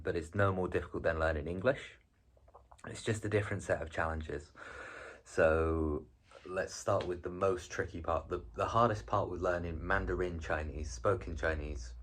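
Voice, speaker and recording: A man's voice: low voice, fairly bright tone, slight background noise. A man presenting a casual, chatty language lesson on video, rambling a little with frequent ums and restarts. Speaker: video presenter teaching Chinese.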